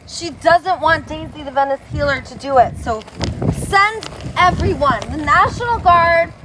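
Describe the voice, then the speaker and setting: A woman giving a rambling, playful monologue outdoors on a city street, now and then breaking into sing-song. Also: extremely high pitch. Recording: street traffic noise behind. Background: passing cars.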